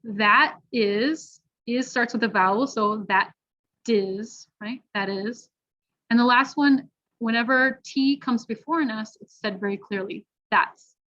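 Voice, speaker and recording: A woman leads a pronunciation lesson, sounding out each word slowly and carefully. Her voice sits a little high. The audio is dull and lo-fi. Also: pushed and bright. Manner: slow, deliberate, models sounds carefully. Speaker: pronunciation teacher. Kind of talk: online pronunciation workshop.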